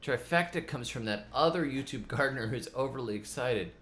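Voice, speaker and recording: A man's voice: mid-range voice, lively intonation, a little fast, a bit bright. Rambling, self-mocking man gardener. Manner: rambling, self-mocking, repeats words often. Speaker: gardening channel host. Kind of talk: casual rambling vlog chat.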